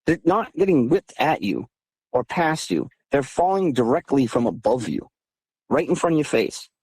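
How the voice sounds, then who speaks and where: A man in his thirties from southeastern Massachusetts is a guest on a phone call, recounting his encounters at a moderate pace. His telling is animated and emphatic, and his voice climbs higher as he gets heated. The sound is slightly rough with no echo, in the style of a casual storytelling interview.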